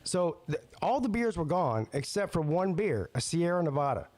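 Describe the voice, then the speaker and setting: Male podcast host, rambling and profane, a bit high-pitched, dry close sound. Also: big pitch swings, normal speed, darkish tone, no room sound. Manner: rambling, profane, repeats words. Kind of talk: casual chat, storytelling.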